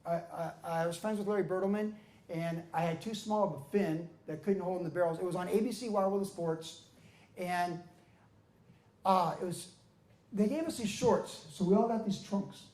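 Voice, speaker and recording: An older man with a notably high speaking voice tells stories of his surfing years to a live audience. He is animated, jumping into other people's voices as he goes. The sound is roomy and echoey, as at an event hall. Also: normal speed. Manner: animated storyteller, acts out quotes with loud shouts and laughs. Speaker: pastor and former pro surfer telling his story. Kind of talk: storytelling talk at a book event.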